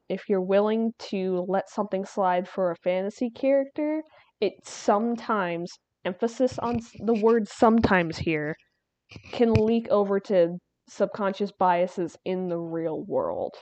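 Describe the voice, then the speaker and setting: A woman's voice: medium pitch, darkish tone, no room sound, lo-fi sound. A woman streaming while she draws, chatting casually in a rambling way, laughing and restarting her sentences. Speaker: artist streamer.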